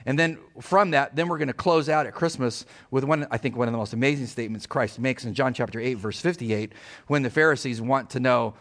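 A middle-aged man preaching a sermon as pastor, emphatic and animated, asking his congregation rhetorical questions. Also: medium pitch.

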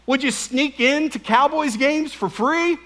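A man's voice: very high voice, measured pace. A middle-aged man preaching a sermon with jokes and questions to the congregation. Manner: animated, joking, asks the crowd questions. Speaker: pastor. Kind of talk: humorous sermon.

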